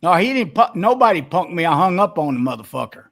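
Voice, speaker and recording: A man's voice: fairly high pitch, big pitch swings, fast talker, creaky, fairly bright tone. An older man calling in as a guest, angrily and sarcastically cursing at the host during a heated argument. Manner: angry, profane, sarcastic. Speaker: guest wrestler.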